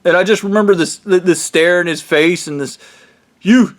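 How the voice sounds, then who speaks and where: Guy ranting angry and rambling, cursing nonstop, kinda high voice. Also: fairly even intonation, fairly quick. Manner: rambling, heated, swears constantly. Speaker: vlogger. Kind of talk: profane angry rant.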